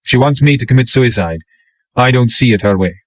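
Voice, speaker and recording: A man reading an audiobook, voicing a steady, dry-humored naval petty officer who speaks mildly and wryly. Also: mid-range voice, fairly quick, no room sound, lightly acted, low-quality recording. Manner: mild, wry.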